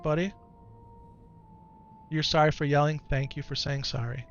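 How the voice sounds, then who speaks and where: A man streaming live who talks softly and coaxingly with his young son, then reads and answers his chat in casual talk. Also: a little high, fairly even intonation, normal speed, lo-fi sound. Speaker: streamer and father. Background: game music.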